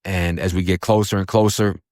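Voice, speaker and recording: A man's voice: deep voice, little pitch movement, fairly quick, a little mellow, no echo, clean studio sound. A man from Florida telling a story in casual, blunt speech, swearing freely and using lots of fillers. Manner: blunt and profane, with many fillers.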